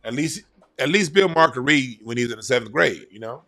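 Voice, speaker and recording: A man's voice: mid-range voice, expressive, a little fast, bright, forceful tone. A man giving blunt, profane, rambling commentary on a casual vlog. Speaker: YouTube commentator.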